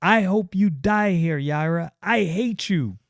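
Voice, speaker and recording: A man's voice: slow pace, no echo, clean studio sound. A man reading aloud and voicing a grief-stricken young woman who accuses and lashes out in a raised voice. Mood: furious. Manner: raised, high-pitched pleading and accusing.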